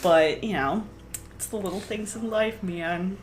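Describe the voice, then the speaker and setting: A woman's voice: medium pitch, measured pace, roomy sound, a little hiss or hum. Rambling New woman podcaster. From New England. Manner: animated, rambling, slangy. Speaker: podcast co-host. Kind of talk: casual chat.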